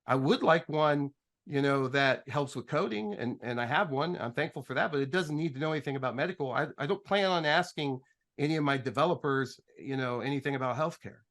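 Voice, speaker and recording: A man's voice: medium pitch, a little fast. A man telling a business story on a panel in a casual, joking way, acting out both sides of conversations, with frequent restarts. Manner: animated, joking, acts out dialogue with restarts.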